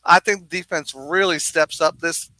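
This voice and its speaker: A man co-hosting a live sports watch-party stream outdoors on a bar deck, excitedly reading viewer comments and a little out of breath. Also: a little high, normal speed, dry recording, poor audio. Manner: hyped, energetic, reads viewer comments aloud.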